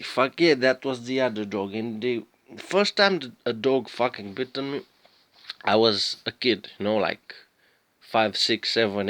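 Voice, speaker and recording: A man's voice: fairly low pitch, fairly bright tone, no room sound. A man, an English speaker, telling a rambling, profane story and often stopping to search for words. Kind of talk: rambling casual storytelling monologue.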